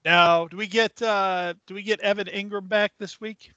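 A man's voice: sits high, fairly even intonation, normal speed, sharp tone, no room sound, lo-fi sound. A man co-hosting a sports podcast, griping bluntly with frequent swearing. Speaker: podcast co-host. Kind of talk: casual podcast banter.

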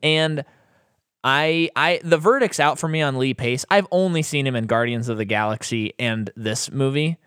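Animated man in a dry movie chat. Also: mid-range voice, normal speed, smooth, dry recording. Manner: animated, laughs often, blunt opinions. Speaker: podcast co-host. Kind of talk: casual movie review chat.

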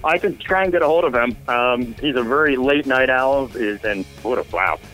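A man in casual radio chat, telling wild, profane anecdotes with animated energy. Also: mid-range voice, moderate pace, faint music behind, poor audio. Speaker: guest storyteller.

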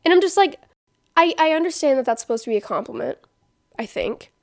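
A young woman with a fairly high voice chats casually and tells a story with lots of animation, acting out what others said. Her talk is full of fillers and swearing. The sound is dry and close, with little room echo. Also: lively intonation, brisk, vocal fry. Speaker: podcast co-host. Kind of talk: casual chat.

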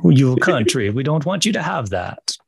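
A man's voice: a little high, huge pitch swings, breathy edge, no echo, pitched above the performer's own voice, heavily acted. A man doing a hammy vampire-style Russian strongman. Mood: menacing mock. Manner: mock Russian Dracula accent, drawn-out laughing "ah"s.

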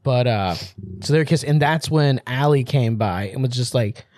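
A man's voice: medium pitch, normal speed, a little mellow, dry recording, studio quality. A young man co-hosting a podcast, chatting crudely and animatedly about a film's plot and quoting characters. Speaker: podcast co-host. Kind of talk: casual chat.

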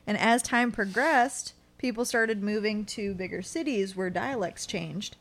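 A woman's voice: medium pitch, a little slow, a bit bright. Blunt, sarcastic young woman co-host. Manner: blunt, sarcastic, swears freely. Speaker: podcast co-host. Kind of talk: casual chat.

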